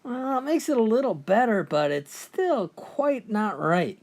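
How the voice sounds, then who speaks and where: Woman playing a patient, coaxing teacher in a joke, pitch lifting and dropping a lot. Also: sing-song, unhurried, a little mellow. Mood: earnest. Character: earnest patient female schoolteacher.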